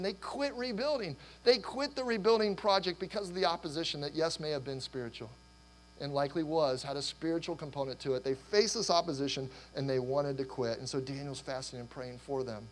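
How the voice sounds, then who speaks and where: Middle-aged male pastor, slightly high voice, hoarse, rambling and animated sermon delivery. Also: rough recording. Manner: animated, rambling with restarts and laughter. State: losing his voice.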